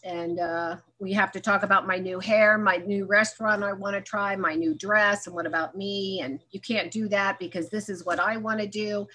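Speaking at a recovery meeting, a woman candidly tells her own story, playing out past conversations and poking fun at herself. She has a mid-range voice with a steady, pushed, bright tone, talking at a moderate pace with hardly any pauses.

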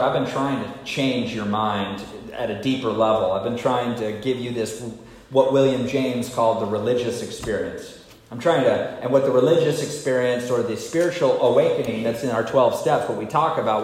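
A man speaking candidly at a recovery meeting, telling his own story in a confessional, self-mocking way. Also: mid-range voice. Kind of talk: personal recovery story talk. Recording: echoey hall with faint noise.

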